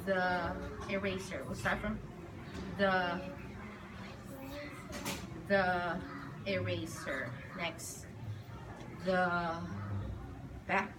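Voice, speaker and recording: A woman's voice: on the low side, fairly even intonation, drawn-out words, pauses often. A woman teacher leading a guided reading lesson with young children, patiently prompting and drawing out words. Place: school classroom. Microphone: recording device set at a distance. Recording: distant mic in a noisy classroom.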